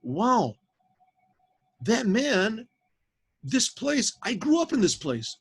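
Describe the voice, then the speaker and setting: Male storyteller doing a desperate lost prince, voice lifted high, a bit husky. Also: sing-song, slow, heavily acted. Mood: amazed. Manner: crying out in amazement.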